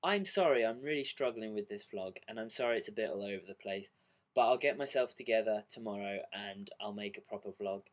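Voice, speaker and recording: A man's voice: fairly low pitch, brisk. A man vlogging casually, rambling with many fillers and apologies, unwell and a little dizzy.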